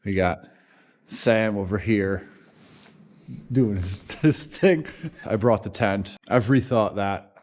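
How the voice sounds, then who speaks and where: A man's voice: lowish voice, slow, pauses often, a little mellow. A young man vlogging a winter camping trip in a cold farm building, joking and rambling with lots of fillers into a handheld camera. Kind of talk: casual camping vlog.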